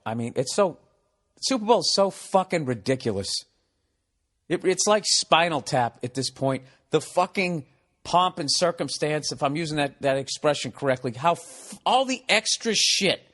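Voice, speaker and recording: Profane ranting comedian man. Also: a little high. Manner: profane, ranting, animated storytelling. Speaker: podcast host. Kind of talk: comedic podcast monologue.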